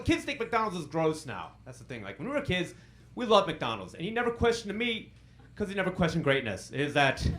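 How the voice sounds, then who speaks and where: A man in his thirties working a comedy club crowd, his voice sitting a little high and swinging up and down a lot. He lands self-deprecating jokes with dry punchlines into a handheld mic. A faint hum of club ambience sits underneath. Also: fairly bright tone. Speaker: stand-up comedian. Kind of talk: stand-up comedy set.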